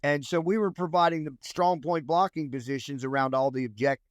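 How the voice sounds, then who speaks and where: A former Army Ranger from the United States, appearing as an interview guest, tells a long, rambling story in a slightly high voice with a steady tone and brisk pace. He restarts sentences and acts out quotes, and the recording is dry.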